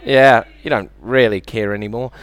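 A man with a New Zealand accent doing a deadpan, self-deprecating stand-up set and bantering with the audience on a club stage. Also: medium pitch, normal speed, smooth, no room sound. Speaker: stand-up comedian. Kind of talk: stand-up comedy routine.

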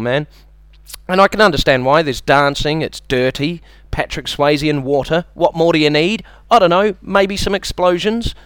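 High-voiced New Zealand comedian, crisp. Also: male voice, fairly bright tone, no echo. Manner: chatty, self-mocking, bursts into high silly impressions. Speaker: stand-up comedian. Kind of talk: stand-up comedy set.

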